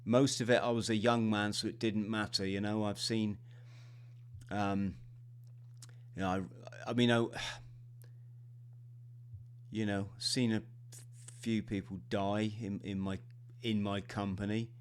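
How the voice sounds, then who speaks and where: Animated middle-aged man hosting a podcast. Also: lowish voice, slight background noise. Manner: halting and animated, laughing between phrases. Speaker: podcast host. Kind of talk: casual interview chat.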